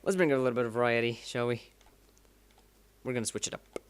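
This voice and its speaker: A man's voice: medium pitch, quick pace, smooth. A man giving casual, rambling playthrough commentary, sarcastic, with sudden emphatic bursts. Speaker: gaming YouTuber.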